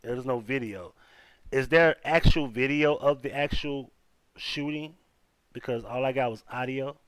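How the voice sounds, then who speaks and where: A man's voice: mid-range voice, a little slow, a bit bright, clear, resonant tone, no echo. A man hosting a live stream, reading out news and talking loosely to his chat, often repeating himself. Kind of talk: casual news commentary.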